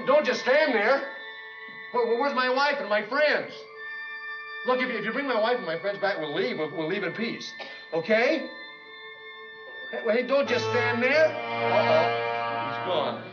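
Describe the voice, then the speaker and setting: An actor playing a nervous, stammering husband in a 1960s sitcom. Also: male voice, high-pitched, expressive, measured pace, pauses often. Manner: flustered, stammering, jittery. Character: nervous suburban husband, comedy writer. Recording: dull old TV sound, roomy, laugh track and music.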